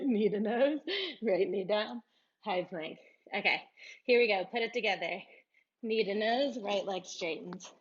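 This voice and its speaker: A woman guiding a yoga class, giving calm, encouraging cues and laughing now and then, sometimes a little out of breath. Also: mid-range voice, measured pace, highs cut off. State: out of breath at times. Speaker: yoga instructor.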